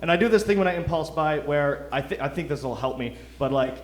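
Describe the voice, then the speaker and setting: A man's voice: on the high side, lively intonation, quick pace. A young man from Detroit doing a loose, self-mocking stand-up set, chuckling through his lines. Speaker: stand-up comic. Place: comedy club stage. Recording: roomy club sound.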